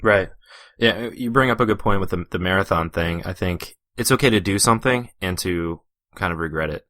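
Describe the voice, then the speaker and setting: A man hosting a casual podcast interview, relaxed and agreeable, using "like" and "dude" often. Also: sits low, a little fast, no echo, clean studio sound. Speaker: podcast host.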